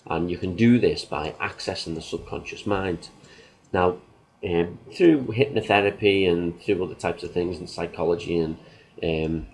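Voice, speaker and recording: A man with a fairly low voice talks casually to the camera as a self-help host. He explains loosely and leans on everyday examples, sometimes acting out what people say. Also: moderate pace, low-quality recording.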